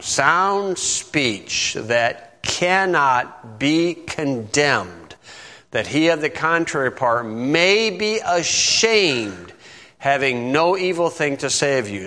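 A man's voice: a little high, bright, forceful tone. Folksy preacher man in a reverberant hall. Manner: conversational, folksy, asks "okay?" often. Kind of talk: bible teaching sermon.

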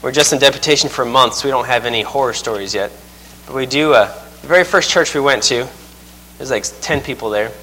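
A man in the middle of his voice range delivers a sermon as a visiting missionary, folksy and quick to chuckle at his own stories. His words ring out with a long reverb across a church sanctuary. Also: medium pitch, bright, forceful tone, slight background noise. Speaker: missionary preaching.

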